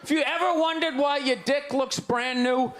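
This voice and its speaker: A man in his forties doing a loud, exasperated, mocking stand-up rant on a club stage with a handheld mic. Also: extremely high pitch, fairly even intonation, moderate pace. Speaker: stand-up comedian. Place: comedy club stage before a live audience. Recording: live club recording with crowd laughter and noise.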